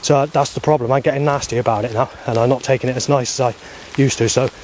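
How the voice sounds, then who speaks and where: A man walking outdoors keeps up an agitated, profanity-heavy ramble into a handheld camera he stops himself, like a video diary. He talks fast in a mid-range, darkish, steady voice over a slight hiss or hum.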